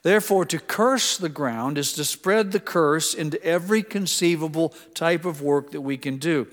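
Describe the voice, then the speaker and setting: A man's voice: a little high, normal speed. A man preaching a sermon in a church, talking conversationally and mixing in personal asides and stories. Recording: long hall reverb.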